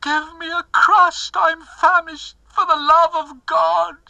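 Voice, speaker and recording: A man's voice: very high-pitched, expressive, takes it slowly, creaky, bright, forceful tone, dry recording, voice pushed up, full character voice, poor audio. A man voicing a dying, starving old woman who pleads in a frail voice within a dramatic poem recitation. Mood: desperate.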